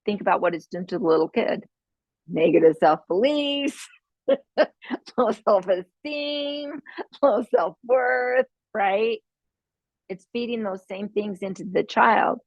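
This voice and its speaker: Brief: woman podcast host, casual parenting talk, slightly husky, dry close sound, a bit dull and lo-fi. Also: mid-range voice, unhurried, no room sound. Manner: chatty, ends points with "right?" and laughs often.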